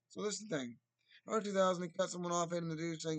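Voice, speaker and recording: Rambling man with a higher voice. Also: steady tone, quick pace. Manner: rambling, restarts, mocking impressions in loud bursts. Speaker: commentator. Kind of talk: rambling solo commentary.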